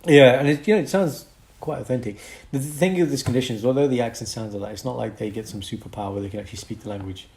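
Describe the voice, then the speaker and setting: A man's voice: medium pitch, fast talker, gravelly, hardly any pauses, a little mellow. A man co-hosting a casual podcast, explaining medical conditions and chuckling between points.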